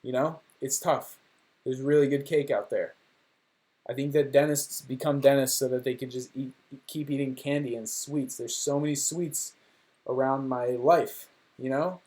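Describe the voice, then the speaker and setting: A young man livestreams from a room at home, rambling casually and making jokes at his own expense. His mid-range voice is a little mellow, with fairly even intonation and a moderate pace.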